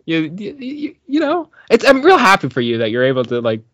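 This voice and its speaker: A man's voice: high voice, wildly swooping pitch, a little fast, fairly bright tone, no echo. A man co-hosting a casual comedy podcast, playful and self-deprecating. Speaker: podcast co-host, improviser. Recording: dry, slightly dull lo-fi recording.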